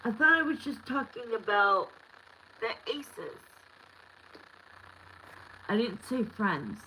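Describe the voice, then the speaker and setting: A woman's voice: fairly high pitch, very animated, takes it slowly, sharp tone, slight background noise, rough recording. A woman in her thirties giving a live tarot reading, talking candidly and bluntly with lots of fillers. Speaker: tarot reader.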